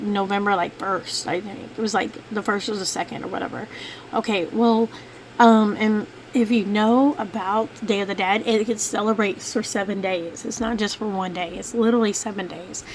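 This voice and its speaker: A woman at a middle pitch tells a personal story in a loose, conversational way. She wanders, restarts and fills her pauses with "like" and "you know". Faint background noise sits under her voice. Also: low-quality recording. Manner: rambling, many fillers and restarts. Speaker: vlogger, mother. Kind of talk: casual storytelling to camera.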